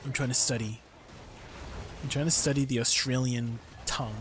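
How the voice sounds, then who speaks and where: A man's voice: medium pitch, steady tone, moderate pace, background noise. A young man streaming a game in casual chat, laughing often between sentences. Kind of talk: casual chat while gaming.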